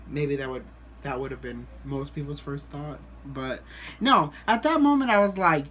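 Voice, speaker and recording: A man vlogging, telling a story to the camera in a rambling, animated way with lots of restarts. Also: a little high, a little slow, slight background noise.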